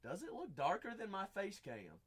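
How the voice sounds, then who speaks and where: A man's voice: high-pitched, wildly swooping pitch, normal speed, a bit bright, breathy edge. A chatty man with a Southern accent hosting a live card-break stream, talking to viewers by name.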